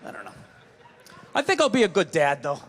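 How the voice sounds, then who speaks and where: A man doing a stand-up set, ranting in an animated, profane way at a live comedy venue. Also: fairly high pitch, brisk, slight background noise. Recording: reverberant hall, faint ambience.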